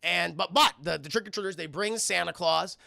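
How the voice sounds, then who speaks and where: Man, high voice, heavy vocal fry, bright, animated crude film recap to a chat. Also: fairly quick, dry recording, studio quality. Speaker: streamer reviewing a film. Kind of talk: casual profane retelling to a live chat.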